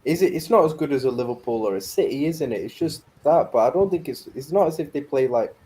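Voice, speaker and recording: A man giving a measured, reasonable view in a casual football chat. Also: medium pitch, animated, mellow.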